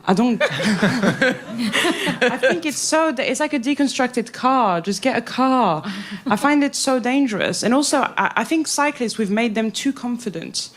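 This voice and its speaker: A woman's voice: fairly high pitch, expressive, a little slow. A woman on a comedy panel ranting in mock outrage and exaggerating for laughs. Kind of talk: comic rant.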